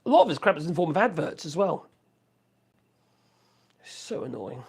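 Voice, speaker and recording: A man's voice: on the high side, big pitch swings, normal speed, vocal fry, slightly rough. A man chatting casually on a live stream from his home office, rambling and reacting to viewer comments. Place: home office room with wood burner.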